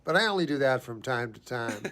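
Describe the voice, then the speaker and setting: A man delivering a rambling deadpan anecdote in a recorded personal video message, halting and full of pauses and fillers. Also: medium pitch.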